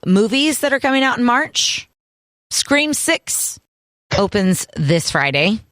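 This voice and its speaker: A woman co-hosting a radio show, running through items in a brisk, list-reading way. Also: medium pitch, big pitch swings, a bit bright, no echo. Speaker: radio co-host. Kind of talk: morning radio show chat.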